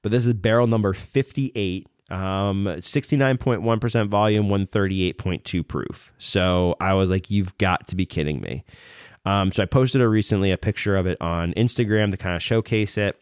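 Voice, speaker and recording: A man hosting a podcast, telling a story casually, rambling with lots of "like" and "um" and restarting his sentences with excitement. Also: lowish voice, normal speed, hardly any pauses, clear, resonant tone, no echo, clean studio sound. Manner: rambling, heavy use of fillers like "like" and "um"; excited, retelling events with restarts. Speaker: podcast host.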